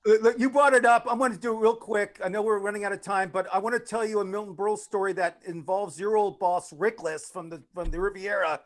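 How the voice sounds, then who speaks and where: A man's voice: high-pitched, steady tone, fast, hardly any pauses. A middle-aged man hosting a casual interview, asking questions in an eager, chatty way. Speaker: host.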